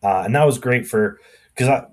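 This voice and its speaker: A man's voice: mid-range voice, normal speed, a little mellow. A man with a Canadian accent, a blacksmith guest chatting casually and rambling with lots of fillers on a podcast. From Alberta, Canada.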